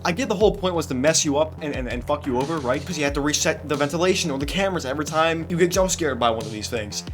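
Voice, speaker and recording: A young man delivering game review commentary in an animated, ranting way, swearing often and laughing between points. His voice sits at a moderately high pitch. Soft music plays behind him. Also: racing, hardly any pauses. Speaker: gaming video creator. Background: soft background music.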